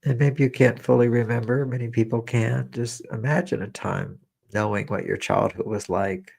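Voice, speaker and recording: A man leading a guided meditation, speaking slowly and repetitively as he coaxes listeners through feelings and shares his own memories. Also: medium pitch, steady tone, creaky. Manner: slow, repetitive, gently coaxing with personal memories. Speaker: meditation teacher.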